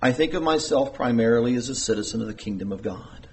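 A man's voice: expressive, fast talker, darkish tone. Earnest man preaching a sermon. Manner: earnest, emphatic preaching with sudden rises in pitch. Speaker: pastor.

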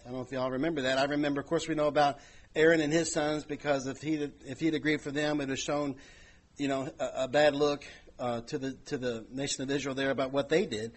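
A man's voice: on the high side, breathy edge. A man preaching a conversational sermon, full of "you know" asides, his volume swelling and dropping.

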